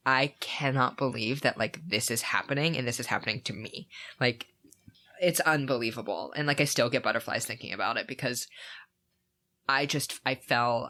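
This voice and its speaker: A young man on a podcast, chatting casually with a bright, forceful edge to his voice. He tells his story eagerly and rambles, with lots of "like" and "um" along the way. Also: mid-range voice. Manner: enthusiastic, rambling storytelling with many "like"s. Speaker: podcast co-host. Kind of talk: casual chat.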